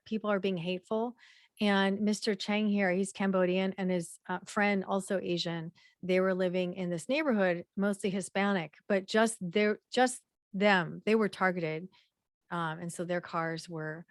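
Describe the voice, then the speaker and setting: A woman leading a workshop from her slides, talking in a loose, conversational way. Her voice sits at a middle pitch. She fills pauses and clears her throat often, and the recording is dry and close, with no room sound. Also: dry recording. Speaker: workshop presenter.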